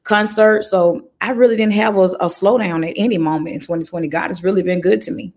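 Woman, gospel singer being interviewed, emotional animated testimony, pitch rising when stirred. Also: quick pace. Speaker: gospel recording artist, guest. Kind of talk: conversational interview.

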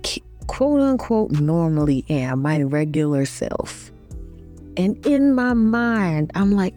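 A woman with a low, mellow voice talks to her viewers in a loose, reflective monologue. She rambles informally with lots of fillers. Faint music plays behind her. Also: lively intonation, slow. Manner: chatty, uses many fillers and informal phrasing. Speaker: vlogger.

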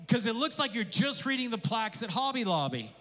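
A man preaching a sermon as pastor, conversational and animated, with casual asides and jokes. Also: very high voice, fairly quick. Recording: long hall reverb.

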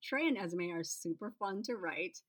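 A woman's voice: fairly low pitch, a little slow. A woman author reading first-person narration from her novel, then chatting casually to listeners. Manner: relaxed, chatty aside. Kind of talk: reading her own fiction aloud.

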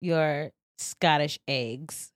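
A woman hosting a podcast in casual chat, animated and joking with playful teasing. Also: low voice, drawn-out words, dry recording, clean studio sound. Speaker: podcast host. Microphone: studio mic.

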